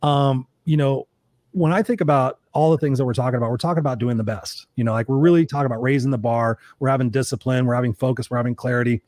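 Middle-aged male host, quick and animated storyteller, swears, dry close sound. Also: mid-range voice, no echo. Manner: animated, swears freely, acts out quotes. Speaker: podcast host. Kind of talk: casual storytelling chat.

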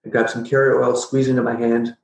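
A middle-aged man telling a personal story as a podcast guest, animated and jokey, acting out his own past reactions. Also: mid-range voice, quick pace, vocal fry. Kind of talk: casual storytelling interview. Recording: roomy echo.

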